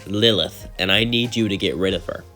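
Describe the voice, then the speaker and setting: A man voicing a scheming demon father who speaks low, measured and coaxing. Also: bright, forceful tone, faint music behind.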